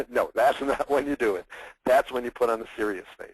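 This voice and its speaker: A man teaching public speaking in a webinar, energetic and expressive, acting out examples in mock voices. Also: mid-range voice, normal speed, slightly rough, no room sound, poor audio. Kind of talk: webinar presentation.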